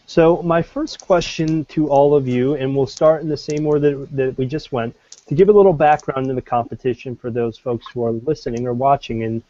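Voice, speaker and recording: A man's voice: medium pitch, mellow, no echo. A man moderating a panel discussion, polite and formal in manner. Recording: muffled lo-fi recording.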